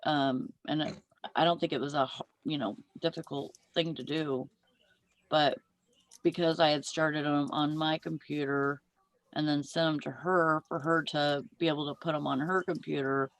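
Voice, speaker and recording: A woman's voice: low voice, fairly even intonation, measured pace, no room sound. A woman in a casual chat who explains things in a meandering, chatty way.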